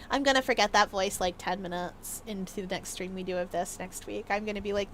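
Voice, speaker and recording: A woman's voice: mid-range voice, steady tone, fairly quick, hardly any pauses, a little hiss or hum. A woman streaming a game and chatting playfully with her viewers, with lots of ums and laughs. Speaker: gaming streamer. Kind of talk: casual chat while live streaming a game.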